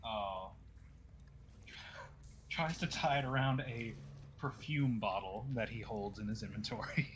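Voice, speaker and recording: A man's voice: fairly low pitch, slow, long pauses, slight background noise. A man playing a character in a tabletop game, joking and laughing as he describes his moves. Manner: laughing, jokey. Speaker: player.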